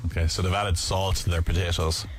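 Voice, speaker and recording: A man's voice: deep voice, level tone, fast talker, soft background music. An Irish man co-hosting a radio show, playful and skeptical in casual banter. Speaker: radio co-host.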